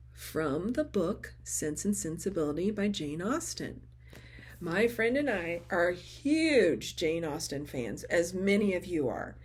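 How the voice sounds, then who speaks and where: A woman with grandchildren, chatting excitedly as she shows off a craft haul, often gushing and acting out conversations with friends. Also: medium pitch, breathy edge. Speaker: craft vlogger. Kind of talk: casual show-and-tell chat.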